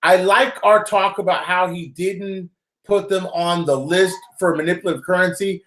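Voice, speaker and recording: A man hosting a live call-in stream talks in a loose, rambling, joking way. His voice sits a little high for a man and rings in a roomy space. His casual chat jumps between reading news items and bantering with callers. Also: steady tone, normal speed, fairly bright tone. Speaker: host of a live call-in currency show. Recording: roomy echo.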